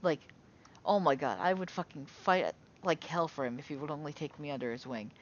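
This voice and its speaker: A woman with a fairly low voice rants into her own recording, swearing constantly and stumbling over her words. The audio is a bit dull, with a faint rumble underneath. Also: lively intonation, a little fast. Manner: agitated, swearing constantly, frequent restarts and sighs. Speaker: political commentary vlogger. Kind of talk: heated unscripted rant.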